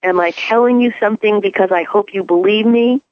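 A woman's voice: medium pitch, a little fast, dry recording. A woman with a New York accent, a guest on an interview show, musing and asking herself rhetorical questions. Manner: reflective, asks rhetorical questions. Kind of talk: casual chat. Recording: tinny phone-like line.

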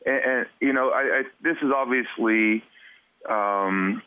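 A man from western Canada, speaking as a podcast guest about something he lived through. His delivery is earnest and halting, with words doubled as he gathers his thoughts. The sound is tinny and phone-like, with a dry, close quality. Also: mid-range voice, clear, resonant tone, dry recording. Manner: earnest, halting storyteller who repeats words. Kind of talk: personal story in a podcast interview.

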